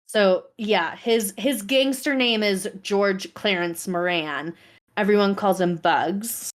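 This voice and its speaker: A woman on a podcast, taking her time as she walks her co-host through a story. Her delivery is unhurried and measured, and she explains what her research found in a relaxed, chatty way. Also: mid-range voice. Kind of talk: casual storytelling chat.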